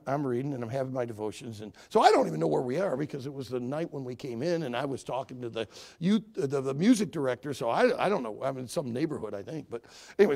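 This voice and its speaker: A man in his sixties preaching a sermon, telling a story and swinging from hushed to shouting. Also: medium pitch, creaky. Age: 60s.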